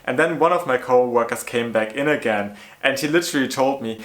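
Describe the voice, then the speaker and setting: Man, casual storytime vlog, chatty, exasperated, lots of "like", mid pitch, roomy echo. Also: fairly quick, a bit bright. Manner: chatty, many "like" fillers, exasperated retelling.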